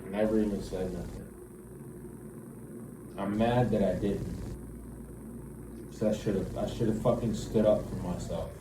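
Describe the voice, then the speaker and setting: Slow-talking young man telling a rambling story. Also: lowish voice, fairly even intonation. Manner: profane, rambling, restarting with frequent "like". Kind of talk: casual storytelling. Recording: roomy, distant mic, noisy background.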